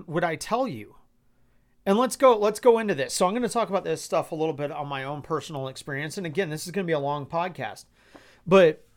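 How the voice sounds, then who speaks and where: A man hosting a personal podcast, speaking in exasperated, incredulous tones, swearing often and restarting his sentences. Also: on the high side. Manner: incredulous rhetorical questions. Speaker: podcast host.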